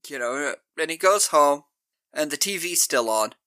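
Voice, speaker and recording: A man's voice: fairly high pitch, moderate pace, dry recording. A man co-hosting a podcast, retelling movie scenes in a casual, laughing way. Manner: animated, laughing storyteller. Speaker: podcast co-host. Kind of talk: casual film discussion.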